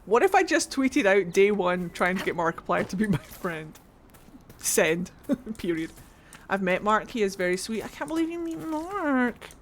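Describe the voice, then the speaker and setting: A woman's voice: medium pitch, normal speed, a little hiss or hum. Chatty Scottish woman gaming on stream. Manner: excitable, swears freely, chatty with viewers. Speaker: game streamer. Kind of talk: casual livestream chat while playing. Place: at home.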